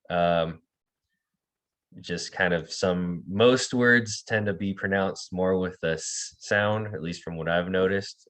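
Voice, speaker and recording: Calling on students by name in his online language class, a man repeats words for them and explains with lots of fillers and restarts. His voice is low-pitched with a fairly bright tone.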